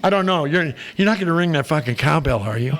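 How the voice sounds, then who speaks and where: An older man with a high, gravelly voice, spinning a salty, punchline-driven story at a recovery meeting. He works the room like a seasoned comic, swearing freely and landing jokes on the beat. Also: animated, fast talker, very noisy. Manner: profane, wisecracking, punchline-driven.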